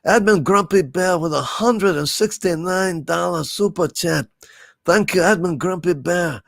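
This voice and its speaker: A man hosting a casual livestream, reading viewer messages aloud with loud exclamations and lots of fillers. He is sniffly, with an irritated throat from allergies. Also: high voice, measured pace, creaky, no room sound, studio quality.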